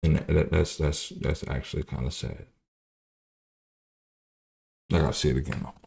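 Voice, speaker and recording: A man's voice: extremely low pitch, fairly even intonation, normal speed, gravelly, a little mellow. A man in his thirties hosting a livestream, talking bluntly and profanely in rambling commentary. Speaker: livestream host.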